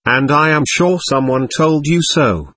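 A man voicing a gentle, serene young man. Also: fairly high pitch, a little slow, no room sound, studio quality, voice pushed up. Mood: surprised. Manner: calm, gently questioning.

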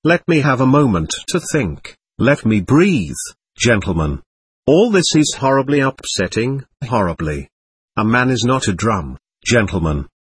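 Guy reading a jittery tipsy man being questioned, pleading and repeating himself, husky voice. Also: mid-range voice, very animated, unhurried, no echo, full character voice. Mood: distressed. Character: excitable, effusive man under interrogation, slightly drunk. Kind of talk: audiobook reading.

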